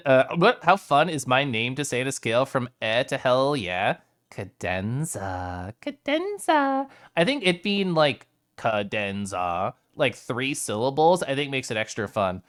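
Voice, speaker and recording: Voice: mid-range voice, expressive, a little slow, a bit bright. A streamer chatting casually with live chat, playful, reading messages aloud and often rolling R's and making vocal sounds.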